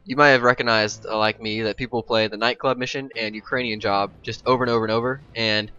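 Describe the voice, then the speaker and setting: A man's voice: medium pitch, steady tone, quick pace, pushed and bright, clean tone, dull audio. A young man giving casual, rambling game commentary as a voice-over, full of ums and asides. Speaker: gameplay commentator.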